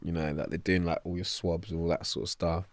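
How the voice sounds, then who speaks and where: Young london guy telling a story, low-ish voice, lively, swears a lot, dry sound. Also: a little fast, no room sound. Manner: animated, acts out voices of others, swears freely. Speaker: interview guest. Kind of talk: casual storytelling.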